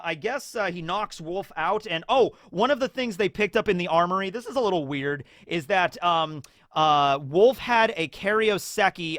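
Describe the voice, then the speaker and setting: A man with a fairly high voice talks through a story in a loose, chatty way. He is full of "like" and "you know," and keeps jumping into lively acted-out bits. The sound is dry and close. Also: no room sound. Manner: animated, acts out scenes in character voices. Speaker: YouTube host. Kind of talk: casual anime discussion.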